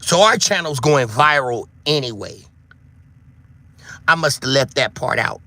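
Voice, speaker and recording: A man, preaching to his online viewers in a loose monologue, swearing freely and shouting for emphasis. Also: mid-range voice, lively intonation, unhurried, long pauses, dry recording. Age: 50s. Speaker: online show host.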